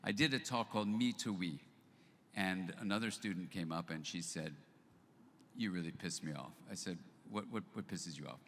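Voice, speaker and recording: A man's voice: low-pitched, moderate pace. An older man giving a live talk to an audience, telling an anecdote and acting out both sides of the dialogue. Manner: animated storyteller who acts out both sides of a dialogue. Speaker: speaker at a live event. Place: event hall. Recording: live hall with long reverb, faint noise.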